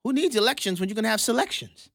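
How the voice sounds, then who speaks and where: A man's voice: high voice, lively intonation, fast talker, gravelly, a bit bright, no echo, clean studio sound. A man hosting a sarcastic political commentary monologue, mocking, laughing often and repeating words for emphasis.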